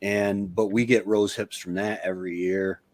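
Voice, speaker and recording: Relaxed man telling stories, dry sound. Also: lowish voice, normal speed, no echo. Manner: relaxed storyteller who laughs at his own anecdotes. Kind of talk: casual chat.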